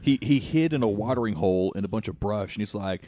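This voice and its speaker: A man's voice: fairly low pitch, fast, dark tone, no room sound. Man telling jokey stories on a podcast. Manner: jokey storyteller who acts out quoted people. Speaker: podcast co-host. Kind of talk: casual chat.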